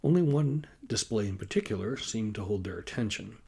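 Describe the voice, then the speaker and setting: A man reads his own novel aloud in a measured, even audiobook manner. His voice is low and gravelly, with a husky edge. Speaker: author reading his novel. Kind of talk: audiobook narration.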